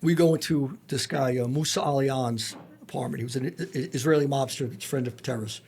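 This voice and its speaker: A man's voice: medium pitch, steady tone, fast talker, a little mellow, slightly rough. A man, a former federal agent, telling blunt and profane stories full of quoted dialogue as a podcast guest. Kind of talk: storytelling in a casual interview.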